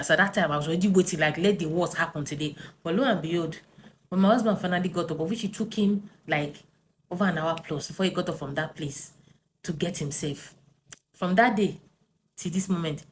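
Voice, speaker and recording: Woman, lowish voice, animated personal story, lots of "right?" and fillers. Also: slight background noise. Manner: animated, tag questions and fillers.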